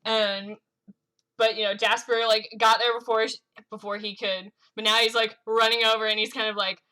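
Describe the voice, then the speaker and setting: Picture a woman player in a tabletop game with a bright, rather sharp voice, pitched a little high. She rambles loosely and leans on "like" as she describes what her character does. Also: level tone, normal speed, clean tone.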